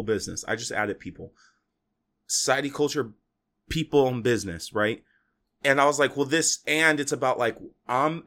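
A young man hosts his own podcast alone, talking in a loose, rambling way full of fillers and restarts. His tone is motivational and his voice sits at an ordinary male pitch. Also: a bit bright. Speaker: podcast host. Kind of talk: solo podcast monologue.

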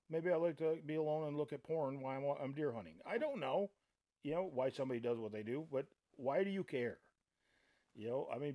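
A man's voice: mid-range voice, mellow. A middle-aged man hosting a podcast, ranting in a heated, blunt and profane way and often repeating himself. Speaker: podcast host and trapping site owner. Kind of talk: casual podcast rant.

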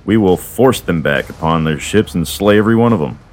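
A man reading the part of a warrior prince, rousing his troops forcefully. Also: deep voice, lively intonation, a little fast, soft background music.

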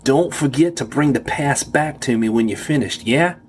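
A man's voice: mid-range voice, normal speed, slight background noise, pitched above the performer's own voice, natural voice. A man voicing a hulking, mocking male security guard with a New York accent, brusque and pushy. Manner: brusque, tags lines with "yeah?".

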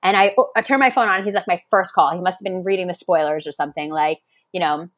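A woman's voice: fairly low pitch, fast, fairly bright tone, dry recording. A woman guest on a podcast, telling stories animatedly in casual chat, acting out quotes and swearing freely. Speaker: podcast guest, reality show contestant.

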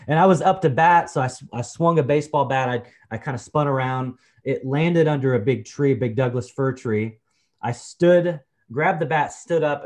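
A man's voice: mid-range voice, mellow. Casual man in his forties telling a story. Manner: casual, repeats "you know", calls the host brother. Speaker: podcast guest. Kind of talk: personal storytelling in a conversation.

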